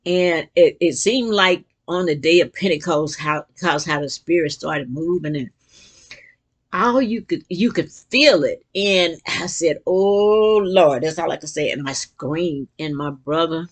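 An older woman talking casually about faith and joy in an earnest, rambling way, often restarting her sentences and breaking into bursts of excitement. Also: deep voice, unhurried. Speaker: vlogger reading and reflecting on quotes. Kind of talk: casual spiritual reflection.

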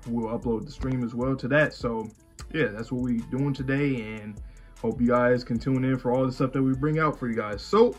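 A man co-hosting an anime reaction show, talking in a loose, rambling way with lots of fillers. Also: mid-range voice. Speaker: co-host of an anime reaction channel. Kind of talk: casual chat.

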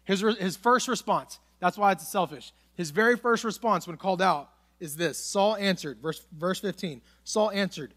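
A young male pastor with a fairly high voice gives a loose, conversational sermon. He reads scripture aloud and acts out the lines of the story, talking to his listeners like friends. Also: normal speed, hardly any pauses, a bit bright. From United States. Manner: casual, conversational preaching, dramatizes Bible dialogue. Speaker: student pastor.

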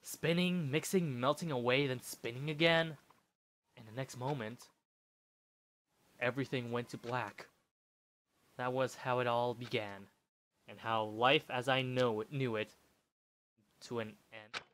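A man's voice: mid-range voice, steady tone, a little slow, long pauses, a bit bright, a little hiss or hum, close to an everyday voice. A man reading a game's dialogue aloud as a nervous teenage schoolboy, in an uneasy inner-monologue manner, over game music. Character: nervous teenage boy, new student.

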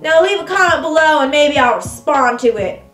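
A woman's voice: lively intonation, normal speed, fairly bright tone, roomy sound, faint music behind. A woman playing a brash, touchy Southern woman vlogger with a Southern US accent, talking in a sassy, indignant way in a comedy sketch. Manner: sassy and indignant, high-pitched outbursts. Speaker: vlogger answering comments.

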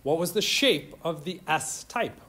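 A man's voice: fairly high pitch, lively intonation, a little slow, bright, forceful tone, husky. A man lecturing a chemistry class in an informal, joking way, firing questions at his students. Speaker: chemistry instructor.

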